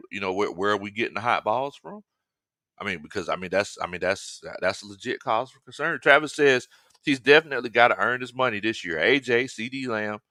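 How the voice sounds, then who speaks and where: A man hosts a casual sports talk stream in a lowish, bright, forceful voice with clean, echo-free studio sound. He jokes, laughs often and reads out fan comments.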